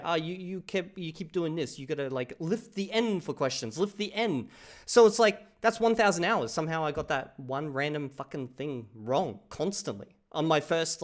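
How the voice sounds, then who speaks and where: A man's voice: on the high side, fairly bright tone. A man with an Australian accent reacting casually to a video, rambling with frequent restarts and swearing freely.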